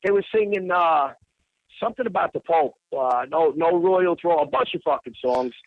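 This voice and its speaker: A man with a fairly high pitch speaks at a moderate pace as a guest on a casual talk podcast, a bar owner in Bangkok, Thailand, telling a rambling story laced with profanity over a phone-in chat. No room sound is present, and the audio is dull lo-fi.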